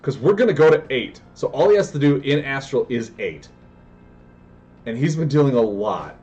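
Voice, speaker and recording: A man commentating his own card game live, excitable and prone to yelling and tangents. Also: medium pitch, normal speed, lo-fi sound, soft background music. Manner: excitable, yells in bursts, goes on tangents.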